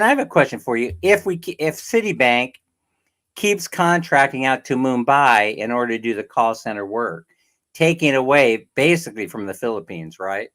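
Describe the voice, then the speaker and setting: A man's voice: mid-range voice, a bit bright. A middle-aged man from California with a Californian accent, rambling and laughing as he hosts a casual livestream and greets viewers by name. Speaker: livestream host. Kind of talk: casual live-stream chat with viewers.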